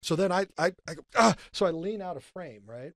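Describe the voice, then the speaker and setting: A man in his fifties, a guest, telling stories in a casual, animated way with lots of fillers. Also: fairly high pitch, fast, no echo, clean studio sound. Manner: animated, acts out quotes, many fillers. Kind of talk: casual storytelling.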